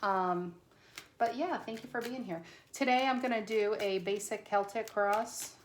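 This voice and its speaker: A woman's voice: medium pitch, unhurried, slight background noise. Chatty woman reading tarot in an echoey room. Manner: chatty, self-conscious, with restarts and stutters. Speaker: tarot reader. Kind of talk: casual tarot reading to camera.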